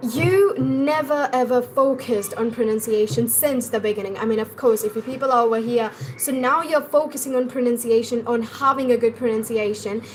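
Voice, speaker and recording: A young woman with an Indian English accent teaches pronunciation during a chatty live-stream, speaking directly to her viewers and often repeating or restarting phrases. Her voice is fairly high, and the poor audio carries a slight hiss or hum.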